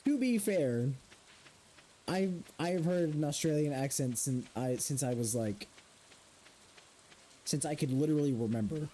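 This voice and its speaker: During a relaxed live stream of a farming game, a young male streamer banters with chat and repeats a grunting villager sound as a joke. His fairly high, mellow voice is expressive but slow, broken up by long pauses.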